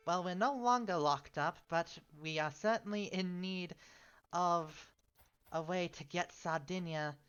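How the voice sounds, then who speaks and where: A woman's voice: on the low side, smooth, muffled recording. A woman streaming a strategy game, giving casual commentary in a fussy, polite way and often sighing "oh dear".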